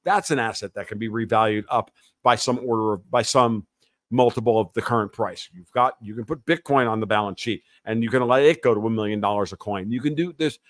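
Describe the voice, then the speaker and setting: A man's voice: lowish voice, brisk, no echo. A man talking as a podcast guest in a heated, opinionated rant, profane and sarcastic. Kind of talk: heated opinionated interview talk.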